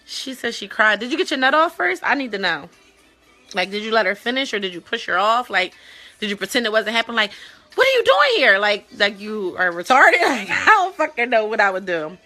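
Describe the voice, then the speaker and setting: A young adult woman hosting a web talk show, chatting casually in a blunt, profane and playful way, with loud mock-disgusted outbursts. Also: a little high, animated, a little fast. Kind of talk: casual chat, reacting to viewer stories.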